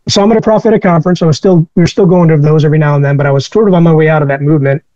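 A man with a notably high voice recounts personal stories as an interview guest. He talks in a candid, reflective way. The recording is dull, lo-fi and dry. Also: steady tone, rapid-fire, mellow, dry recording.

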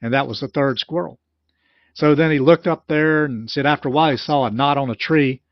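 A man with a slightly high voice walks through a story step by step, stopping to restart and explain. His voice is close and dry, and the recording sounds dull and lo-fi. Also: fairly quick, dry recording. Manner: retells a story in plain spoken terms, with restarts. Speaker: commentator on a recorded sermon. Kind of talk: explanatory commentary.

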